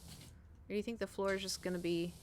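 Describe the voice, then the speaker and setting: A woman's voice: mid-range voice, a little fast, slight background noise. A woman streamer chatting casually while she plays, rambling and swearing as she tells stories. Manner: rambling, profane, animated storytelling. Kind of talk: casual chat while gaming.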